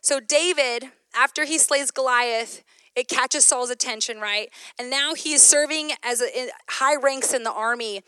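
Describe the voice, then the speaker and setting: A woman giving a sermon, mixing a personal story with scripture, animated and laughing often. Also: high-pitched, moderate pace, clean tone, dry recording. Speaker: women's ministry speaker.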